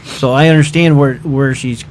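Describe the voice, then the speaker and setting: A man on a podcast panel in a studio, speaking hesitantly with many pauses and fillers. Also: mid-range voice, fairly even intonation, a little mellow, slight background noise. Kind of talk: casual panel chat.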